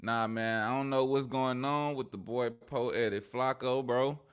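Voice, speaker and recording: A man's voice: mid-range voice, steady tone, unhurried, clean tone. A man doing casual reaction commentary on hip hop gossip, ranting in profane slang and laughing often. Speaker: streamer and commentator.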